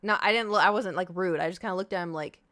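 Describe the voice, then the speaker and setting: A woman's voice: on the low side, fast talker, fairly bright tone, no echo. A young adult woman streamer telling a rambling, self-interrupting story to her chat in a casual way. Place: home.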